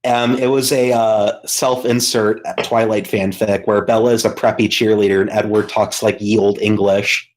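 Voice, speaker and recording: A man's voice: lowish voice, little pitch movement, normal speed, few pauses, rough recording. Guy on a podcast rambling thru a story, swears a lot, lots of um and uh. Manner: rambling storyteller, heavy swearing, many fillers. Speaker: podcast co-host. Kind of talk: casual chat.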